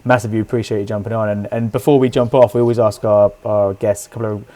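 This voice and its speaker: A man's voice: lowish voice, level tone, fast, warm tone. A man hosting a casual interview over a video call, upbeat and full of restarts and fillers. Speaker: podcast host.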